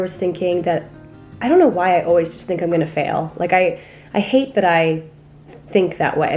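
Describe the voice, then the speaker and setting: Mellow-voiced young woman rambling candidly. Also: on the low side. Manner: rambling, candid and self-deprecating. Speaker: vlogger. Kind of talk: casual confessional vlog talk. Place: apartment in the city.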